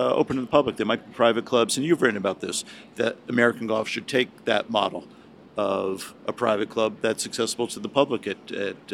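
A man's voice: fairly low pitch, creaky, a bit bright, slight background noise. A man, a podcast guest, chatting casually and rambling with many fillers and restarts. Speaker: podcast guest, golf writer. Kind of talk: casual chat.

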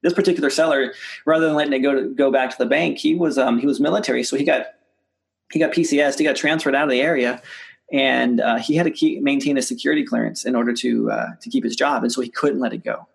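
A man speaks quickly in a gravelly voice as a guest on an interview show. He tells stories about real estate deals, repeats and restarts his words, and jumps up in pitch whenever he acts out what someone said. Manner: animated, acts out quoted dialogue with rising pitch. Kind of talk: casual storytelling in an interview.

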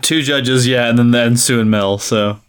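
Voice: mid-range voice, steady tone, moderate pace, smooth. A podcast co-host in casual chat about a baking show, who laughs often and is encouraging.

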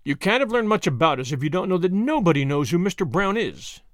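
A man voicing a frightened, secretive older beauty who speaks hoarsely, soft and dangerous in a storybook reading. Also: high voice, very animated, a little fast, dry recording, clean studio sound. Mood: fearful, menacing.

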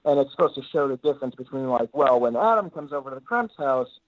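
A man's voice: mid-range voice, expressive, quick pace, no room sound, rough recording. A man being interviewed as an actor guest, talking in an easygoing, rambling way with lots of filler words. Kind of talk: casual interview chat.

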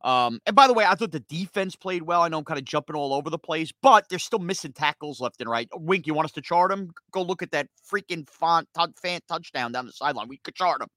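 Fired-up ranting sports host, high voice. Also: male voice, animated, dry recording. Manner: fired-up, ranting, rapid-fire, gets loud at times. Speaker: sports talk podcast host. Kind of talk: heated sports rant.

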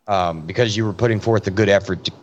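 A man's voice: on the low side, fast, lo-fi sound, slight background noise. A man, a police officer, chatting casually and telling stories from his work, swearing freely. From Florida. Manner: storytelling, swears freely, relaxed drawl. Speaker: podcast co-host, police officer. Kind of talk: casual chat.

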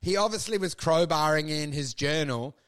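A man co-hosting a comedy podcast, riffing crudely and acting out bits with sudden loud bursts. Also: fairly high pitch, normal speed, clear, resonant tone. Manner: animated, crude, acts out bits loudly. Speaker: podcast co-host. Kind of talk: casual comedic chat.

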